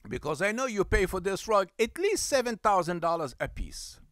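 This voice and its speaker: Middle-aged man, animated storyteller, high and lively pitch. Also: normal speed, no echo, clean studio sound. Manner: animated, acts out both sides of the dialogue. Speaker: rug cleaning business owner. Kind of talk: storytelling monologue.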